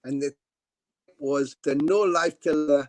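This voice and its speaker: A middle-aged man tells long, rambling stories in a casual interview, with a slightly high voice and a very dry sound. He fills gaps with "uh" and "you know" and swears casually, speaking over a video call. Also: steady tone, slow pace, dry recording. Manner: rambling anecdotes, frequent fillers and casual swearing. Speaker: guest musician.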